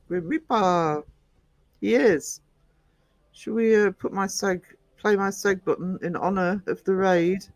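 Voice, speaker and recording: A man's voice: high voice, no room sound. A man streaming live, chatting with his viewers in an affectionate, scattered way. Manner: chatty, affectionate, calls viewers sweetie and darling; scattered, frequent ums and trailing off while reading chat. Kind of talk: casual live-stream chat.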